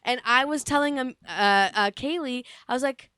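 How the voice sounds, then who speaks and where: A woman with a slightly high voice chatting as a podcast co-host. She teases and giggles her way through the talk. The sound is dry and close to the mic. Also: sharp tone, clear, resonant tone, no room sound. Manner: giggly, teasing, quick to laugh. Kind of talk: casual chat.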